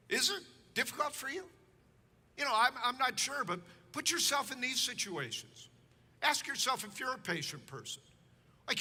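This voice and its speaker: A pastor from Chicago telling a sermon story in an animated, humorous, exasperated way. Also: male voice, very high-pitched, long reverb tail. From Chicago, United States. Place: church sanctuary.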